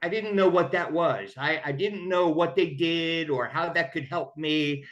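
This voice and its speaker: A man's voice: on the high side, a little slow, a bit bright, muffled recording. A man telling his own story of recovery in a candid, conversational way. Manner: candid, conversational, acts out quoted voices. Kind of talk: personal storytelling.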